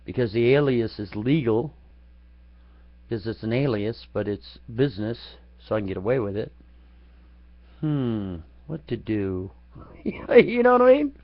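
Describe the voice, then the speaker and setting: A man's voice: mid-range voice, sing-song, a little slow, long pauses, dry recording. A man hosting a live chat broadcast, rambling in a profane, taunting and mocking way. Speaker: chat room moderator. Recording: dull lo-fi, dry.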